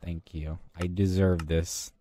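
A man with a very low voice talks his way through a video game in a casual, rambling way. He mutters half to himself and drops dry, self-mocking jokes along the way. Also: flat delivery, takes it slowly, noisy background. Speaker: gaming channel host. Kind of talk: casual gameplay commentary.

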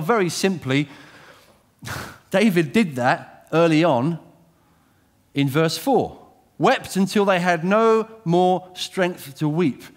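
Pitched in the middle range, a man's voice carries a lively, direct sermon. He poses questions to those listening and alternates loud, emphatic stretches with quiet, intense ones.

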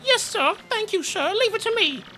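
Kammy Koopa, as a man puts her on: prim shrill old witch. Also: expressive, normal speed, pushed and bright, exaggerated voice, poor audio. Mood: fawning. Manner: prim, overly polite and proper. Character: fawning old female witch servant.

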